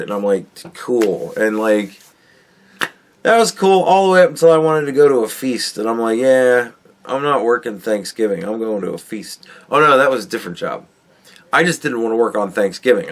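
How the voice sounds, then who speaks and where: A middle-aged man hosts a podcast, rambling through a work story with a steady stream of swearing. He talks casually in a mid-range voice and acts out both sides of the conversations. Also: medium pitch. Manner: profane, rambling and animated, acts out quoted dialogue. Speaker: podcast host.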